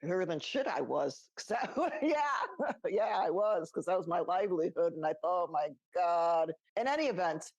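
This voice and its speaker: Low-voiced chatty woman telling stories. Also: big pitch swings, moderate pace, a little mellow, no room sound, dull audio. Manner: chatty, laughs through stories, acts out quoted voices. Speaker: podcast co-host. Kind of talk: casual storytelling chat.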